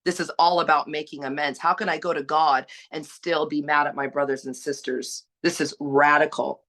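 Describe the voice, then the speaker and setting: A woman's voice: low voice, fairly even intonation, moderate pace, fairly bright tone. A woman sharing her recovery story on a panel, earnest and exhorting, asking rhetorical questions. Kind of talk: personal sharing, preachy.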